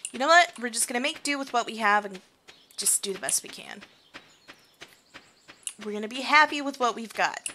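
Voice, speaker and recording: A woman's voice: medium pitch, expressive, moderate pace, pauses often, pushed and bright, slight background noise. A young woman casually commenting on her farming game as she plays, chatty and self-mocking, singing and muttering to herself. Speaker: gaming streamer. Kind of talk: casual let's-play commentary.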